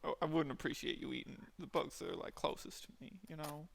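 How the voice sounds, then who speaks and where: A man voicing a gentle male ranger who speaks politely and hesitantly to a spider. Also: on the high side, fast, creaky. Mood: flustered.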